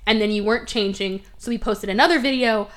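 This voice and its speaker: A woman's voice: a little high, quick pace. Woman on a podcast gushing through a movie recap, voice up a bit, does all the characters, cusses a lot. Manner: animated recapping, acting out characters' quotes; swears freely. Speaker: podcast host. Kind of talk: casual movie review chat.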